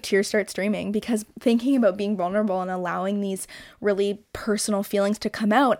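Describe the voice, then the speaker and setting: A woman's voice: medium pitch, no echo, clean studio sound. A young woman hosting a casual solo podcast, talking candidly with lots of "like" fillers and casual swearing. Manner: candid, chatty, swears freely, many "like" fillers. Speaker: podcast host.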